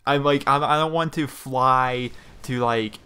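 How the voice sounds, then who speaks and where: A man's voice: mid-range voice, steady tone, a little slow, sharp tone, clear, resonant tone. A young man from Pennsylvania, a gaming YouTuber, chatting loosely over gameplay from a small room at home, with lots of fillers and restarts. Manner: rambling, chatty, frequent fillers. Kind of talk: casual commentary over gameplay.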